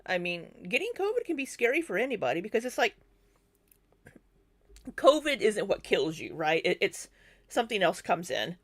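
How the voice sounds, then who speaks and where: A woman's voice: mid-range voice, big pitch swings, moderate pace, pauses often. A woman hosting a live commentary stream, reacting to video clips and answering viewers' comments in a chatty way.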